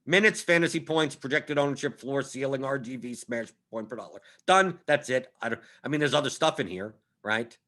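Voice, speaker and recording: A man's voice: mid-range voice, brisk, few pauses, fairly bright tone. A young adult man hosting a fantasy sports live stream, chatting casually and emphatically, repeating his points and often asking "right?". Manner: emphatic, repetitive, conversational with frequent "right?". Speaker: fantasy sports analyst host.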